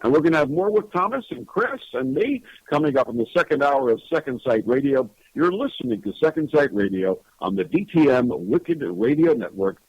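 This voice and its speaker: A man hosting a radio show, reading out contest details and the show's sign-off with lively emphasis. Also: mid-range voice, fairly quick, few pauses, husky, no echo. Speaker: radio host. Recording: dull lo-fi radio audio.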